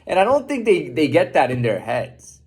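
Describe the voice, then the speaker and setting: A man's voice: a little high, huge pitch swings, moderate pace, darkish tone, slightly rough. A man delivering an unscripted, profane, defiant monologue rant, often repeating and restarting his words.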